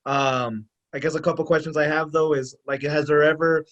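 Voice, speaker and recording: A man's voice: a little high, flat delivery, a bit bright. A man co-hosting a podcast, asking casual questions with many fillers and restarts. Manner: halting, many fillers and restarts, laughs a lot. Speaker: podcast co-host. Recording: dull lo-fi podcast audio.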